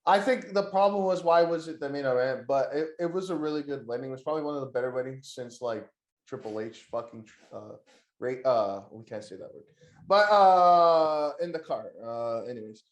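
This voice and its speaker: A man co-hosting a casual wrestling podcast, excitable and slangy, laughing often. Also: medium pitch, brisk, reverberant. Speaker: podcast co-host.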